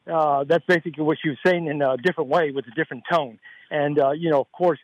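A male caller on a radio phone-in who rambles on in long, earnest run-on stretches. His voice is a little high for a man, with a close, dry sound. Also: fairly even intonation, quick pace, dry recording, highs cut off. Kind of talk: phone-in call to radio show.

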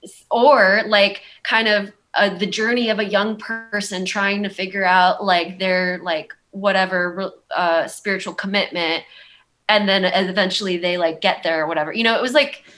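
Young woman with a valley girl accent, bright voice, rambly, lots of likes and ums. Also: medium pitch, fairly even intonation, normal speed. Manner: rambling, heavy use of "like" and "um". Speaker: guest. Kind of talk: candid conversational storytelling.

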